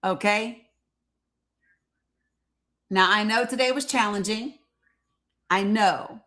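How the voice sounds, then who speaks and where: A woman hosting a casual live stream, talking straight to her audience in a loose, chatty way. She laughs often and calls out to viewers as she goes. Her voice sits at an ordinary middle pitch. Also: slow pace, bright, forceful tone. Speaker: livestream host.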